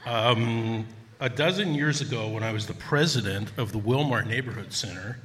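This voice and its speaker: Bright-voiced older man with a New Jersey accent. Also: mid-range voice, a little hiss or hum. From Newark, New Jersey. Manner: chatty, self-deprecating, halting with ums. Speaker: storyteller. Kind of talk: live storytelling to an audience. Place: neighborhood center hall. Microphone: stand microphone. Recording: long hall reverb.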